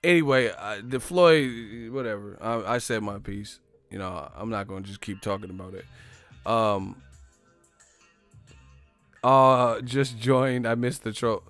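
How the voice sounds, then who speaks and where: A man's voice: fairly low pitch, unhurried, a bit bright, no room sound, soft background music. A man hosting a livestream, ranting in a brash, profane, casual way and laughing often. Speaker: livestream host.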